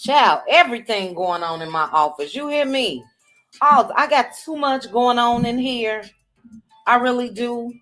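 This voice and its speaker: A woman hosting a livestream, greeting viewers by name in a casual chat with drawn-out, chatty greetings. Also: a little high, expressive, a bit bright, soft background music. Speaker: livestream host.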